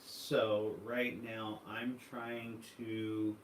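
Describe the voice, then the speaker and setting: A man's voice: on the low side, monotone, very slow, a little hiss or hum. A man hosting a casual livestream, telling rambling stories full of fillers and reading viewer comments aloud. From United States. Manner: rambling storytelling with many fillers. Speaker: livestream host. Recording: echoey room, voice from far off.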